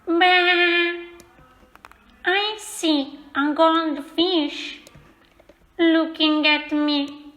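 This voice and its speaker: A woman's voice: extremely high pitch, steady tone, very slow, pauses often, fairly bright tone, roomy sound. A woman playfully voicing animals in a read-aloud children's story, adding animal noises.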